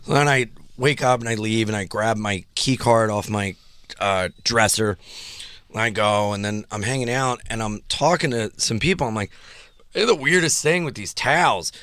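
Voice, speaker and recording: A man telling a story in casual chat, animated, acting out the voices of the people in it and laughing often. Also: fairly low pitch, moderate pace, clean tone, dry recording. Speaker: guest comedian telling a story.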